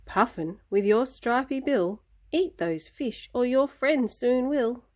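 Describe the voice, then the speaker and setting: Slow sing-song woman reading a picture book. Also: fairly high pitch, expressive, darkish tone. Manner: slow, sing-song, adding animal sounds. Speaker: children's book reader.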